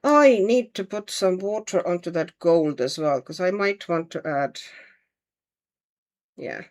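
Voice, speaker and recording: A woman's voice: fairly low pitch, lively intonation, unhurried. Chatty woman painting on a livestream. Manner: chatty, thinks aloud, answers viewer comments. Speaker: livestream host. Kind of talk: casual livestream chat while painting.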